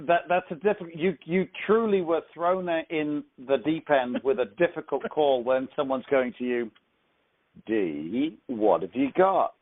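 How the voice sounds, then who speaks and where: A man's voice: fairly high pitch, fairly even intonation, normal speed, few pauses. A man coaching a caller on a call, explaining in a reassuring way and often repeating himself. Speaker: sales coach. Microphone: phone. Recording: tinny phone line.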